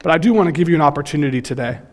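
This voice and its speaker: A man in his thirties preaching a sermon, telling stories in an animated, joking way. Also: a little high, racing. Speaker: pastor.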